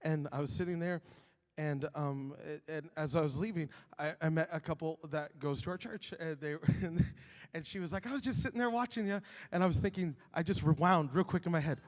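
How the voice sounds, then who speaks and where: A man's voice: a little high, fairly quick, in a large hall. A male pastor preaching a sermon, telling stories animatedly and acting out his own grumbling.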